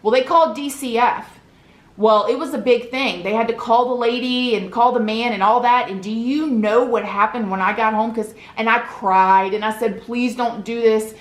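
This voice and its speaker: A woman's voice: on the high side, steady tone, moderate pace. A woman, a vlogger telling an emotional story from her childhood in an earnest, confiding way, often asking the listener "right?". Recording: echoey room.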